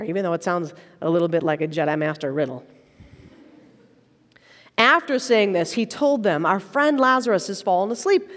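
Woman preaching in a reverberant church. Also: medium pitch. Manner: conversational, playful asides between readings. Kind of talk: sermon with prayer and scripture reading. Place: church sanctuary. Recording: long reverb of a large church.

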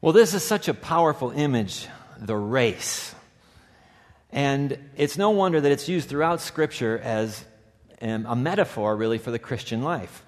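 A man preaching a sermon, praying softly and reading a story aloud, rising to urgent, emphatic peaks. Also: medium pitch, lively intonation, measured pace. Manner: soft hushed prayer voice. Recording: long hall reverb.

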